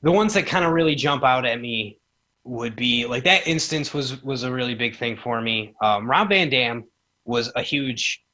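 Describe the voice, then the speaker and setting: A man's voice: mid-range voice, expressive, moderate pace, pushed and bright. A man in his thirties, a guest on a podcast, telling casual stories and acting out quoted dialogue in a raised voice. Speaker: podcast guest, former wrestling promoter. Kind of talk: casual storytelling chat.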